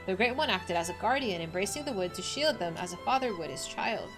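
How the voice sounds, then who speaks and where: A woman reading a solemn woman elder's quest dialogue aloud in a measured, formal way. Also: mid-range voice, lively intonation, music in the background, close to an everyday voice.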